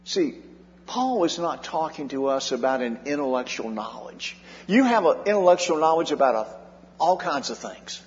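A pastor delivering an earnest sermon, his fairly high male voice swelling and dropping to drive points home. The sound is dull and muffled. A long reverb trails his words through the church hall. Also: animated, moderate pace, a little hiss or hum. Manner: earnest preaching, rising and dropping in volume for emphasis. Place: church sanctuary.

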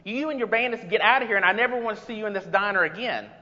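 A man's voice: high-pitched, racing, pushed and bright. A man voicing a boastful man newly arrived at heaven's gate in a joke within his sermon. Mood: boasting. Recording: long reverb, dull lo-fi sound.

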